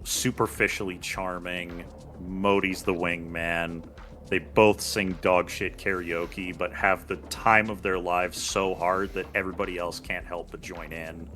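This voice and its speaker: A man's voice: low voice, bright, forceful tone. A man playing a tabletop role-playing game, casually describing what his character does, with some swearing. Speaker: player.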